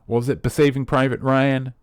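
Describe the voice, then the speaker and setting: A man's voice: medium pitch, little pitch movement, moderate pace, clean tone, no echo, clean studio sound. A man hosting a trivia quiz, reading out questions and answers in a casual, playful way with jokey, rambling asides. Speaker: quiz host.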